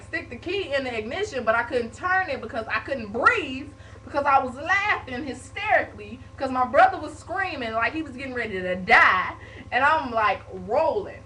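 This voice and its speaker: A young woman with a high, bright voice tells a story in an animated, casual way, with sound effects. She is a little way from a webcam mic indoors, with a faint hiss underneath. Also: far from the mic, low-quality recording. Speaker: vlogger.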